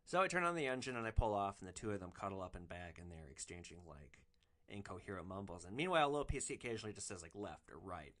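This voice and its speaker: A man hosting a podcast, telling a rideshare story in a wry, animated way. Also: on the low side, fast talker. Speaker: podcast host, rideshare driver. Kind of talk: storytelling monologue.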